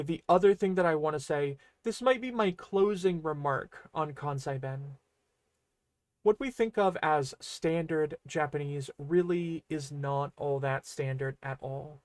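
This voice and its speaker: A woman's voice: low-pitched, no echo. A woman language teacher giving a casual video lesson, explaining in a chatty, loose way with fillers.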